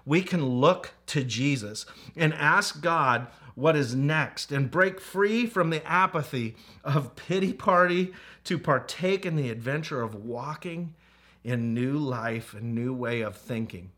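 Male pastor preaching, slow and deliberate, bright clear tone, earnest with playful asides. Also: on the high side, animated. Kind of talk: sermon.

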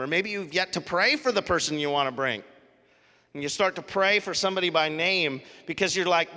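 A man preaches to his congregation in a relaxed, storytelling manner, his fairly high voice bright and forceful. The sound rings with the long reverb of a large hall. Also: normal speed. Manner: conversational storytelling, animated. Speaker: pastor. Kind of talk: sermon. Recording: live sermon in a reverberant hall.

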